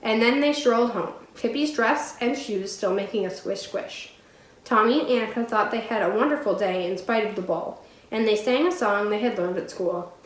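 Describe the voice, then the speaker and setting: A woman teacher reads a storybook aloud in a clear, steady way. Her voice sits a little high. The room around her is echoey. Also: normal speed.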